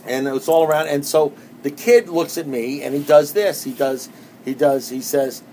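A man's voice: a little high, fairly even intonation, moderate pace, mellow, slight background noise. Rambling man sharing his recovery story. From New York. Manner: rambling and conversational, with many restarts. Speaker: speaker at a recovery meeting. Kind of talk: personal testimony to a group.

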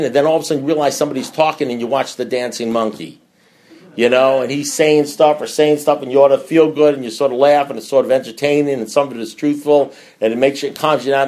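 A middle-aged man speaking candidly to a recovery group, blunt and profane, with loud bursts and low mutters.

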